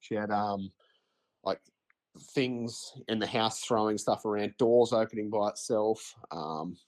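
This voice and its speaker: A man in his thirties with an Australian accent, telling a ghost story as a podcast guest in a halting, hesitant way with many fillers. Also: fairly low pitch, a little mellow. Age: 30s. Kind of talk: casual storytelling.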